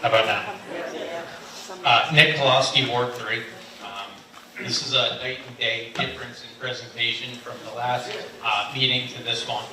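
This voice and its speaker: A man giving public comment at a meeting, polite and measured, with frequent fillers. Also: mid-range voice, steady tone, crowd noise. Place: large meeting room. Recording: echoey hall, far mic, noise.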